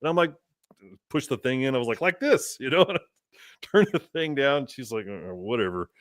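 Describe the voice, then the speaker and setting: A man's voice: mid-range voice, very animated, brisk, no echo, clean studio sound. A man telling a road-trip story on a podcast, laughing often and acting out both sides of the conversation. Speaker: podcast guest. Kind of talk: casual storytelling.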